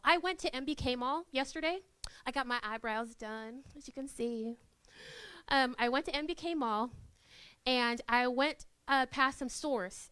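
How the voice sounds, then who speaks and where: A young woman presenting a workshop in a university classroom, lively and chatty, acting out little scenes in quoted voices. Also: high-pitched, no echo. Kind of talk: live workshop talk.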